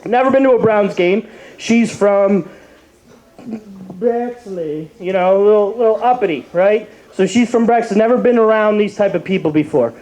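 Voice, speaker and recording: A man's voice: high voice, moderate pace, a little mellow, poor audio. A young man from Cleveland doing a rambling open mic stand-up set, full of fillers and restarts. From Cleveland, Ohio.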